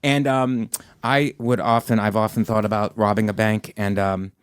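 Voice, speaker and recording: Man, podcast host, teasing, rapid-fire joking questions, dry studio sound. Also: lowish voice, level tone, clean tone, no room sound. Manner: teasing, bursts of loud laughter. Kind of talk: comedic rapid-fire interview.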